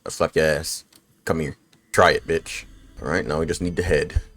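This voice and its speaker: A man's voice: rumbling low, fairly even intonation, moderate pace, fairly bright tone. A man in his twenties giving casual, profane commentary while he streams a game, chatting loosely with viewers and fighting the hiccups. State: has the hiccups. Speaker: gaming streamer.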